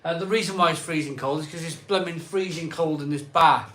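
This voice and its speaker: A man's voice: on the high side, brisk, sharp tone, slight background noise. A man hosting a live stream from his home bar, reading out viewer comments in a rambling, chatty way and often repeating himself. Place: cold home conservatory bar.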